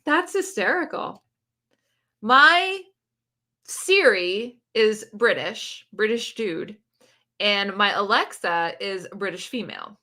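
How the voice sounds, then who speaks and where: A woman with a bright, forceful voice hosting a relaxed livestream. She chats loosely, laughs a lot and answers viewer comments as they come in. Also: a little high, slow. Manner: chatty, laughs often, reads viewer comments aloud. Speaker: book channel host. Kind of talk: casual livestream chat.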